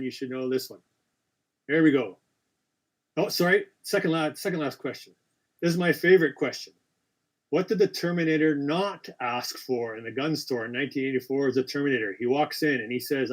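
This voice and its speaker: A man hosts a casual live-stream quiz in an average-pitched voice. He reads questions out with chatty asides, quick apologies and frequent self-corrections. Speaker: quiz host.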